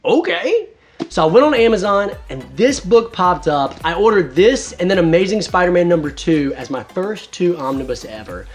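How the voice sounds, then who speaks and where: A man's voice: high-pitched, normal speed, few pauses, soft background music. A man in his thirties hosting a casual video review, talking enthusiastically. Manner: enthusiastic, animated. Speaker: host.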